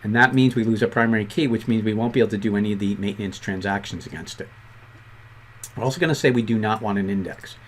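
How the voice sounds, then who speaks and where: A man with a Boston accent teaching a programming lesson, talking quickly and conversationally with self-deprecating asides. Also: fairly low pitch, slight background noise. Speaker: programming instructor. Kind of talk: screen-recorded coding tutorial.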